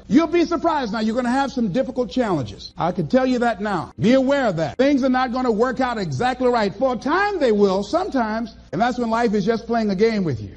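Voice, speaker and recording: A man's voice: very high voice, darkish tone. A man giving an emphatic, preacher-like motivational speech to a live audience, stretching key phrases. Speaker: motivational speaker.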